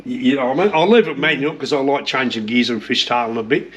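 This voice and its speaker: In his home shed, a car restorer gives a tour, speaking quickly at a medium pitch. He's a middle-aged Australian man who chats casually about cars, swears a lot, and tends to say things twice.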